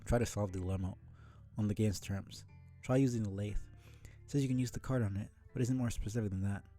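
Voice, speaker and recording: Male reader as aloof teen girl, verbose and dry, low mellow tone. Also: fairly even intonation, quick pace, soft background music, close to an everyday voice. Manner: wordy, dry, mildly sardonic. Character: verbose aloof teenage girl, dryly condescending.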